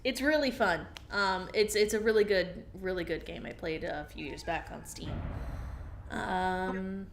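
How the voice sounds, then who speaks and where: A woman's voice: lowish voice, expressive, moderate pace, slight background noise. A woman whose first language is French, chatting casually and hesitantly while streaming a game, giggling often. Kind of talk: casual let's-play chat.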